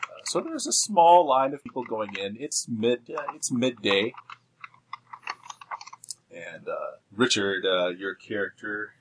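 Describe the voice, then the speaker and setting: A man narrating as game master in a tabletop role-playing game, relaxed and full of filler pauses. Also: fairly low pitch, a little hiss or hum.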